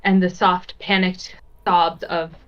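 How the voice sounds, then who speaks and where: A woman running a tabletop role-playing game as game master, describing scenes in a measured storytelling way. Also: on the low side, level tone, highs cut off.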